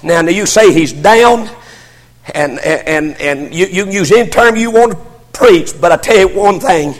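An older man preaching a sermon as pastor, fervent, swelling into shouts and stammering restarts. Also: high voice, moderate pace, big-room sound.

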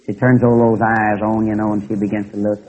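A man telling an animal story as a preacher, in a lively, folksy, repetitive way. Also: fairly low pitch, a little fast. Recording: tinny phone-like recording.

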